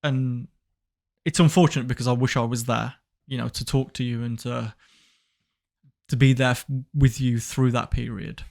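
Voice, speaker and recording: A young man co-hosting a podcast, gently asking hesitant questions full of restarts. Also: medium pitch, steady tone, normal speed, vocal fry. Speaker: podcast co-host. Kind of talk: casual supportive conversation.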